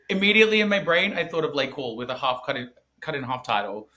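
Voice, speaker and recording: A man co-hosting a podcast in casual chat, recapping wrestling in an animated, profane way and laughing often. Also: on the high side, fairly quick. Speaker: podcast co-host.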